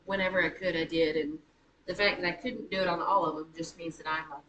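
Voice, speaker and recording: A woman leads a high school writing class in a loose, teasing way, stopping to correct herself as she goes. She sounds distant from the microphone in a reverberant classroom. Steady noise runs under her voice. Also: quick pace. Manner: chatty, self-correcting, teasing. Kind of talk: classroom teaching. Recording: echoey room, far from mic, noisy.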